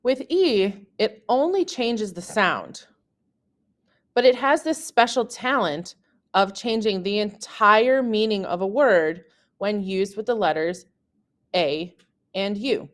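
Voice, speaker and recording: A woman narrating a scripted beginner lesson, explaining carefully and deliberately, with lively pitch jumps on the examples. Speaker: French teacher.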